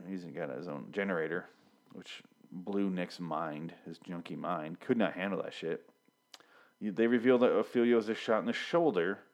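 A young man with a slightly low voice rants through a TV episode recap. He swears often, stumbles over restarts and fillers, and sounds worked up and flustered. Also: a little mellow. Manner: rambling, profane, frequent restarts and fillers. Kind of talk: casual rant.

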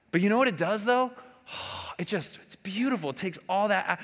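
A man preaching a conversational sermon as a pastor, animated and often asking the audience questions. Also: high voice, normal speed. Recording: long hall reverb.

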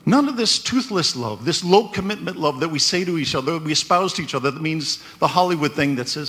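A man's voice: a little high, expressive, brisk, fairly bright tone. A man preaching a conversational sermon, often checking in with "right?". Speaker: pastor.

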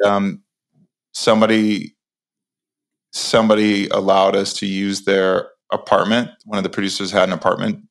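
A man in his forties, a podcast guest, telling an animated story with many restarts and acted-out lines. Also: on the low side, normal speed. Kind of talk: casual storytelling interview.

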